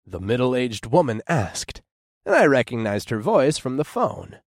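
Expressive male audiobook narrator. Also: medium pitch, normal speed, no room sound, studio quality. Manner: expressive, descriptive storytelling. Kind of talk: first-person scripted narration.

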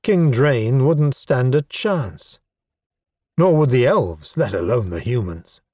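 A man narrating an audiobook in a wry, measured storytelling manner. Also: mid-range voice, animated, warm tone, no echo, clean studio sound. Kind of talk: scripted narration.

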